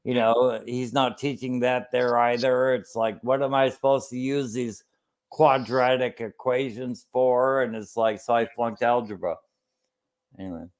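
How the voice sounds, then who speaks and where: A man's voice: medium pitch, steady tone, measured pace. A man in a casual chat, ranting emphatically with lots of swearing and fillers.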